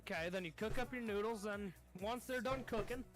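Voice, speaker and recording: A woman's voice: medium pitch, a little fast, soft background music. A woman playing a tabletop game who talks in a crude, profane, joking way during casual chat. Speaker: player.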